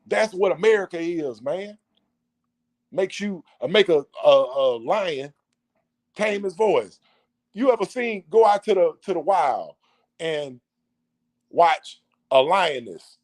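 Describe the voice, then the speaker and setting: A man's voice: on the high side, animated, a little slow. A man delivering a preachy monologue, full of rhetorical questions and repetition. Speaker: vlogger.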